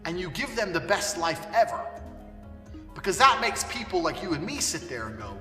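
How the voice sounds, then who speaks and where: A man's voice: sits high, very animated, moderate pace, sharp tone. A man delivering a blunt, profane ranting monologue as an online commentator. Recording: echoey hall, voice far from mic, faint music.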